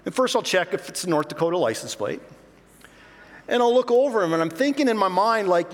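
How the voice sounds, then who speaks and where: A middle-aged pastor telling self-mocking stories in an animated sermon. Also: male voice, high voice, a little fast, long reverb tail.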